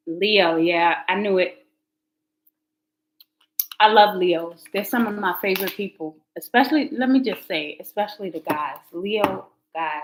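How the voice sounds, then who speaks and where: Casual woman livestream host, animated, laughing, talks straight to chat. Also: mid-range voice, unhurried, pauses often, background noise. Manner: chatty, laughing, animated asides to viewers. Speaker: livestream host, tarot reader.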